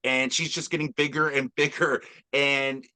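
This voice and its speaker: A man's voice: medium pitch, flat delivery, moderate pace, bright, forceful tone. A man hosting a casual movie review chat, talking enthusiastically and rambling with fillers. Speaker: podcast host.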